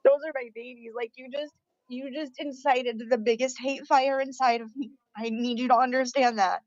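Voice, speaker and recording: Woman, crying, furious rant, profane, high voice, dull lo-fi stream audio. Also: steady tone, moderate pace, no room sound. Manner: furious, profane, repeating herself. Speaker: livestreamer. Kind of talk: angry livestream rant.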